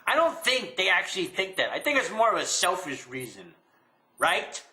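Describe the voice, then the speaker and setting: A young man holds forth to the camera in a sarcastic, rambling rant, breaking into laughter at his own jokes. His voice is bright and fairly high, and it swings widely in pitch while he takes his time. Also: wildly swooping pitch, normal speed. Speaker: vlogger. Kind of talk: casual ranting monologue.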